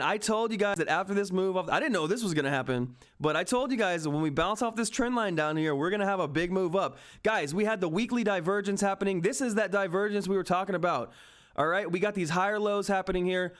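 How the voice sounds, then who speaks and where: A young man commentating live on a stock chart, excited and frantic, often repeating himself. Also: high voice. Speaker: stock market streamer.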